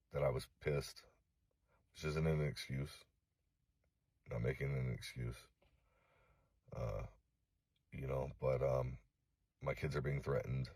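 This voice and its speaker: A middle-aged man from Los Angeles making a direct-to-camera apology video, halting and remorseful, swearing often. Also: extremely low pitch, a little mellow, breathy edge, dry recording. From Los Angeles, USA. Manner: halting, remorseful, heavy swearing, frequent fillers. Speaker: vlogger.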